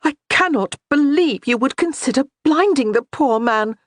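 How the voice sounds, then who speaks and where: A woman voicing an exasperated, strong-willed young noblewoman, scolding in a sharp raised voice. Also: fairly high pitch, lively intonation, normal speed, no room sound, clean studio sound, pitched above the performer's own voice. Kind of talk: audiobook character voice.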